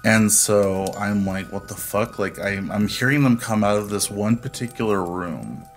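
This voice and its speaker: A man's voice: fairly low pitch, measured pace, soft background music. A man telling a personal story as a podcast guest, in a laid-back, profane way. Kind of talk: casual storytelling.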